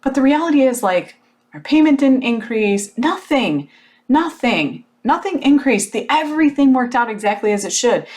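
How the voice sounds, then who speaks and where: A woman in her thirties hosting a podcast, telling a personal story in a casual motivational monologue, animated and frank, with plenty of fillers and the odd swear word. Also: on the high side, fairly quick. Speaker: podcast host.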